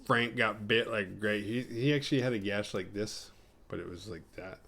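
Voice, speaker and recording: A man recapping a horror film for his show, swearing casually and jumping into quick voices for the characters. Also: lowish voice, creaky, sharp tone. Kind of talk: casual comedic retelling.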